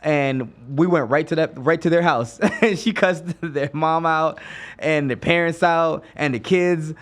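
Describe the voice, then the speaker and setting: A man from Jamaica hosting a casual podcast chat, relaxed and quick with short affirmations. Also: a little high. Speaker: podcast host.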